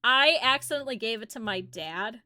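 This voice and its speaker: Bright high-voiced woman streamer. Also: lively intonation, normal speed. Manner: rambling, giggly storytelling on tangents. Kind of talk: casual live gameplay chat.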